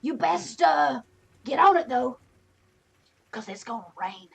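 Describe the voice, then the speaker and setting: A woman's voice: high voice, animated, slow, gravelly, breathy edge, exaggerated voice. A woman voicing a crotchety, drunk old man on a cart who grumbles in a folksy drawl. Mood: rambling.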